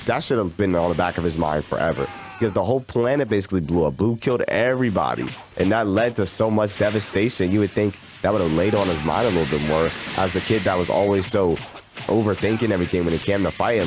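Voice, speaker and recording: A young man with a deep, low-pitched voice rambles in an exasperated, slangy rant while he plays. Game music plays clearly behind him. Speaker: game streamer. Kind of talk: casual rant while gaming. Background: video game music.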